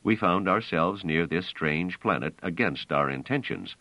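A careful, evasive space traveller, read by a man in a storybook. He speaks slow and distinct in a very deep voice. The recording is dry and muffled. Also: animated, bright, forceful tone, no room sound, heavily acted.

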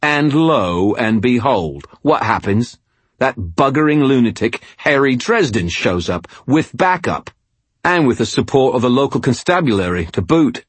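A coarse hireling, gruff and irritable, growling his words, as a male narrator voices him. The voice is low and husky with a dry, close sound. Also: moderate pace, no echo. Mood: annoyed. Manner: annoyed, growling, swears constantly. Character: coarse, gruff British hired mercenary man.

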